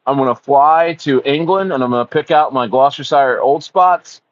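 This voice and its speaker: A man chatting loosely on a livestream, full of ums, restarts, swearing and bro. His voice sits in a middle pitch. The sound is dull and very dry, with no room tone around it. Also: normal speed, dry recording. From United States. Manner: rambling, filler-heavy, profane, calls his viewers bro. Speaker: livestream host. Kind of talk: casual livestream chat.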